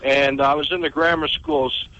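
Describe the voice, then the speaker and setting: A man's voice: a little high, little pitch movement, moderate pace, pushed and bright. An older retired man calling a radio show, complaining emphatically. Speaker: caller. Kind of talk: phone-in comment. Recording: dull phone-line caller audio.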